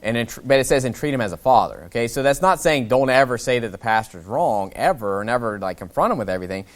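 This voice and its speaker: A male pastor preaching a casual expository sermon, voicing the kings' lines in his own plain voice and swinging between loud emphatic bursts and quiet asides. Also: medium pitch, expressive, quick pace.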